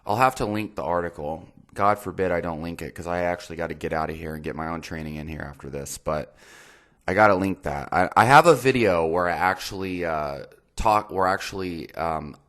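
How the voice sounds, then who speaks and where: A man with a very low voice, talking casually as the host of a fitness and nutrition channel. He is blunt and openly exasperated, and he swears freely as he picks apart a viewer's message. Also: fairly quick, fairly bright tone.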